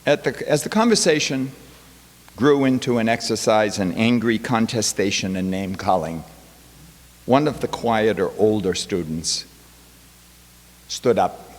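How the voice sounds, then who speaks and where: A male professor, speaking as a guest in a college chapel, tells a classroom story with wry quoted asides. His voice is lowish and his pace measured, with frequent pauses, and the hall adds long reverb.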